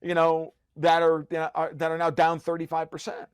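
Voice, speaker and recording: A man with a fairly high voice, ranting as a podcast guest in a profane, sarcastic way and often stumbling and restarting mid-sentence. The sound is dry and close, with no room echo. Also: completely flat delivery, brisk, clean tone. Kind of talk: heated conversational rant.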